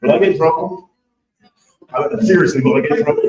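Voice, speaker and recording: A man's voice: on the high side, animated, brisk, long pauses, a little mellow. A man, an author, tells a candid personal story to an audience and jokes along the way. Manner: candid, joking, conversational. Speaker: author giving a speech. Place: large event hall with an audience. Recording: echoey hall, voice from far off.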